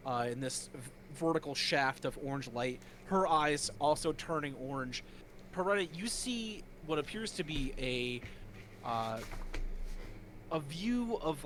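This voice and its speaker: A man narrating as game master in a casual way, with many fillers. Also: medium pitch. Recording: noisy home mic.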